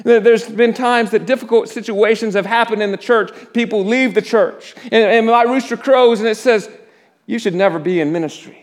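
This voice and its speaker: A man preaching a sermon in a church, often restarting his words and dropping to a hush at the solemn parts. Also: extremely high pitch, fairly even intonation. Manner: halting restarts, drops to a hush at solemn moments. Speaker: pastor.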